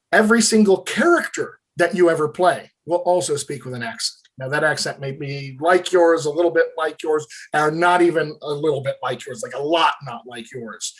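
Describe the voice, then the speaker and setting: A man working as a dialect coach, talking eagerly in an interview and speaking to viewers as friends. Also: on the high side. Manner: animated, addresses viewers as "my friends". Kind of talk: enthusiastic interview talk.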